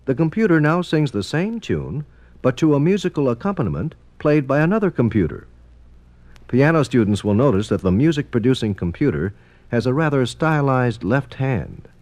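Formal male narrator, lively intonation, dry close sound, scripted documentary read. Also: mid-range voice, normal speed, dry recording. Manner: formal, explanatory.

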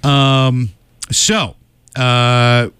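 A man co-hosting a casual podcast chat, listing award winners with quick opinions and frequent "uh" fillers. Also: mid-range voice, level tone, fairly bright tone, clean tone, no echo. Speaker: podcast co-host.

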